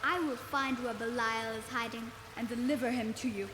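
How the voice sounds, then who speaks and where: A young boy emperor voiced by a woman speaks with formal urgency in a British-sounding accent that never quite rings true. His voice sits a touch high and carries the roomy echo of a video game scene. Loud music plays beneath him. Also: steady tone, moderate pace, close to an everyday voice. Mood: earnest. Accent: put-on British-sounding accent.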